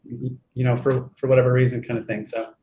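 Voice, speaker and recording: A man on a video call asking halting, hesitant questions as a panelist in a casual chat. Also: medium pitch, flat delivery, mellow. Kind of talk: casual live-stream chat. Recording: dull roomy video call.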